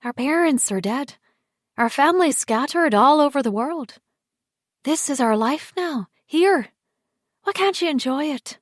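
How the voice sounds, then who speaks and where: A woman voicing a defensive, dismissive husband who brushes off his wife's accusations, speaking louder and brighter than her narration. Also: high voice, expressive, measured pace, dry recording, studio quality, pitched above the performer's own voice. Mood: coaxing.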